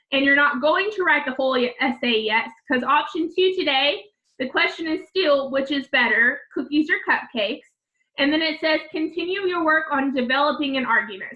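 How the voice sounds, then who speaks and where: A woman's voice: high voice, dull audio. A woman teacher giving remote class instructions to children, patiently repeating each step.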